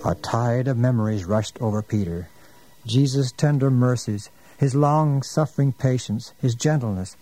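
A man narrating a religious story in a solemn, measured manner. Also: medium pitch, dark tone. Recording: narration over music.

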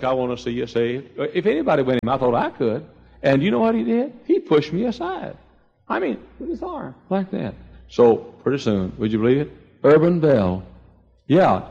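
Folksy older preacher man, lively pitch. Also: vocal fry, slightly rough, lo-fi sound. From East Texas. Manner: folksy storytelling preacher, swings from quiet asides to loud high exclamations. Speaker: pastor. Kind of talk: sermon.

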